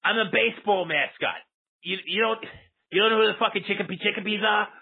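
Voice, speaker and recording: A hot-tempered male baseball mascot, played by a man, rants in a husky, slightly high voice. He stammers and swears as he talks, and his voice comes through a thin, tinny phone line. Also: quick pace. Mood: aggrieved. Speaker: caller.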